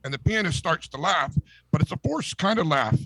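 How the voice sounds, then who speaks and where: A man with a fairly high voice reads a long joke aloud on a comedy podcast. His storytelling is animated, and he laughs at his own material. The sound is dry and close to the mic. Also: brisk, creaky, breathy edge, no echo, poor audio. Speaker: podcast co-host. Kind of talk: reading a long joke aloud, casual chat.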